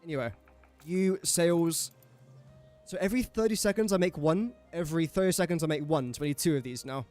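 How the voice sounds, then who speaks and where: A young man with an English accent, talking casually as he plays, cracking jokes and chatting to the game characters. His voice sits a little high, with faint game music in the background. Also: fairly quick, darkish tone. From England. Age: young adult. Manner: chatty, jokey, talks to himself and the game characters. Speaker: gaming streamer. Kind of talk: casual gameplay commentary.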